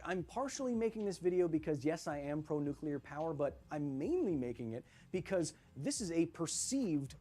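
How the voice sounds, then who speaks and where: A hoarse man hosting a science explainer, speaking emphatically and persuasively straight to the viewer. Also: fairly high pitch, a little mellow. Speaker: science video host.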